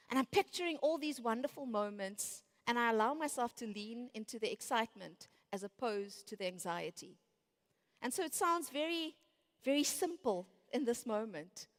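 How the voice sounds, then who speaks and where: In a large conference hall with a long echo, a woman in her late thirties delivers a motivational keynote. Her voice is a bit high, and she's a lively storyteller who performs her own inner voices.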